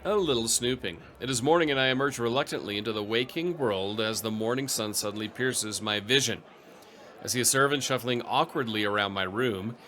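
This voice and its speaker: A man with a bright, crisp voice narrating his strategy game, reading events and tossing in dry asides. There is a faint background hiss, and his pitch sits in an ordinary middle range. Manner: dry, wry asides, reads event text aloud. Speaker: let's play host. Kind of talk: gameplay commentary reading event text.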